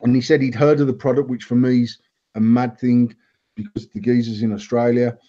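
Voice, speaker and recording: A man's voice: mid-range voice, little pitch movement, a little fast, dark tone, dull audio. A man from England co-hosting a casual chat, blunt and rambling, swearing freely and restarting his sentences. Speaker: vape company owner, co-host.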